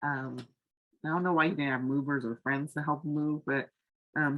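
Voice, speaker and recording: Heard through narrow, tinny audio, a low-voiced woman speaks at a moderate pace while recapping a reality dating show. She's a TV recap vlogger: casual, chatty, blunt, opinionated, and heavy on fillers such as "um" and "like."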